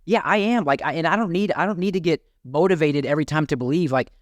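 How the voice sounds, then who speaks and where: A man's voice: on the high side, fast, dry recording, clean studio sound. A man hosting a podcast interview, enthusiastic and rambling, often restarting his sentences. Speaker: podcast host.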